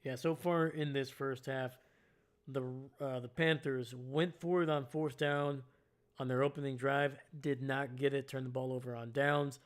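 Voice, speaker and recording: A man doing live fan play-by-play and reaction, casual and self-mocking, getting excited on big plays. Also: medium pitch, a little slow.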